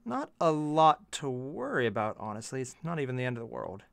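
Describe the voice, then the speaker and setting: Gravelly man muttering while painting. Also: medium pitch, very animated, fairly quick, dry recording. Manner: mutters to himself, self-deprecating asides. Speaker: miniature painting channel host. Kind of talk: casual commentary while painting.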